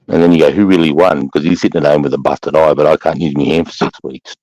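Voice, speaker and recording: A man's voice: a bass voice, a little mellow, no room sound, poor audio. A middle-aged Australian man, formerly an army sergeant, telling stories in a blunt, profane, swaggering way on a casual chat show.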